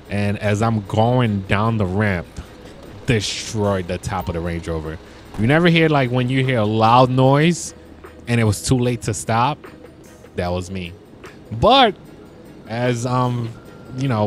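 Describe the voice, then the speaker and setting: A young man telling stories in a casual, slangy way while commenting on his gameplay, getting excited as he talks. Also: lowish voice. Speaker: gaming YouTuber.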